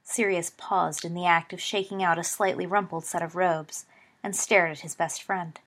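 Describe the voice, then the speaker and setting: Woman reading a story out loud, lowish voice, breathy, calm and measured. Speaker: narrator. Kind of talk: audiobook reading of fiction.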